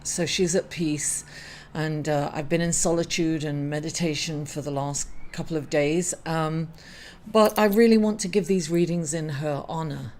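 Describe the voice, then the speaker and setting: A grieving woman giving a weekly astrology reading, emotional and apologetic, pausing often with fillers. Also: low-pitched, darkish tone, a little hiss or hum. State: grieving, tearful. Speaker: astrology reader. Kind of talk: weekly horoscope video.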